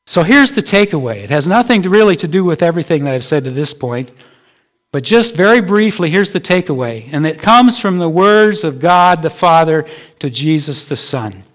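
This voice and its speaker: A man's voice: fairly high pitch, big pitch swings, moderate pace. A male pastor preaching a sermon in a conversational way, asking his listeners rhetorical questions.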